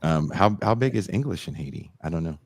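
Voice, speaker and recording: A man co-hosting a podcast, chatting casually and teasing his co-hosts with a joking manner. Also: a little fast. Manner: joking, teasing, lively swings in pitch. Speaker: podcast co-host. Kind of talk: casual chat.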